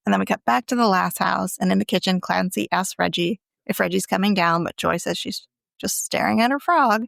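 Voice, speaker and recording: A woman's voice: medium pitch, fairly quick, gravelly, a bit bright, no echo, clean studio sound. A woman casually recapping a TV episode on a podcast, chatty and often laughing as she acts out the lines. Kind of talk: casual chat, recapping a show.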